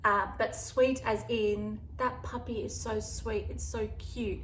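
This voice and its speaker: An Australian woman talks casually to camera, wandering from point to point. Her voice sits a little high. The room is echoey, with a faint hiss behind her. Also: fairly even intonation, slow pace. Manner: rambling, chatty, breaks off to talk to her dog. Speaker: dog vlogger. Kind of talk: casual vlog chat.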